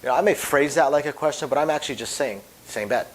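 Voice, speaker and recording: A man who deals craps, giving an emphatic instructional talk whose phrases often fade to a quiet drop at the end. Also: mid-range voice, fast talker, rough recording. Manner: emphatic, voice drops off at phrase ends.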